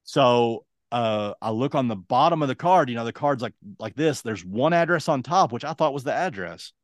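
A young man and podcast co-host telling a casual, lively anecdote, acting out other people's lines as he goes. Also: medium pitch, normal speed, no room sound, clean studio sound. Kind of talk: casual storytelling.

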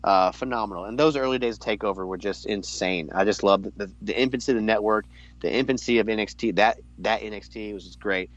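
A man's voice: fast talker, muffled recording. A man co-hosting a casual wrestling podcast, rambling with many restarts. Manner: rambling, restarts often, jumps into high voice to quote. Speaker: podcast co-host.

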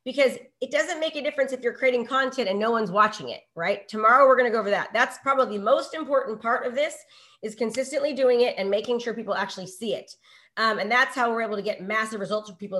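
Middle-aged female real estate coach, bright higher pitch, energetic, runs a live online class with constant "okay?" check-ins. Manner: energetic, peppers talk with rhetorical questions and "okay?".

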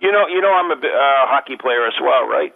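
A man's voice: mid-range voice, lively intonation, quick pace, vocal fry. An older man hosting a radio talk show, joking and rambling with many restarts. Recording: tinny phone-like radio audio.

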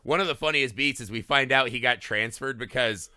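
Man, casual film podcast chat, profane, very bright forceful voice, dry close sound. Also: medium pitch, a little fast, clear, resonant tone, dry recording. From small-town America. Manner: loose and profane, tags lines with "right?". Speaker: podcast co-host.

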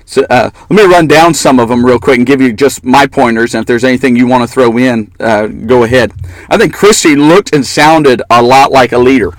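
A man at a middle pitch gives blunt, opinionated political commentary in a casual chat. He mocks the people he talks about and drifts into laughter. The recording is close and dry, with no room sound. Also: a little fast, no echo, rough recording. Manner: opinionated, mocking, laughs often. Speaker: political talk show co-host.

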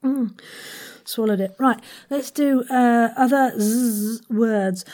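A woman who hosts a podcast, leading a playful vocal warm-up lesson with crisp enunciation and frequent whispered asides. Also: a little high, takes it slowly. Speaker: voice acting coach and podcast host.

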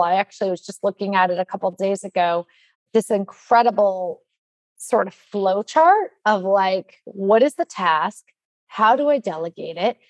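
A woman in her forties speaking as a nonprofit leader in casual podcast talk, animated and chatty with lots of fillers. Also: medium pitch, dry recording. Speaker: nonprofit leader announcing trainings.

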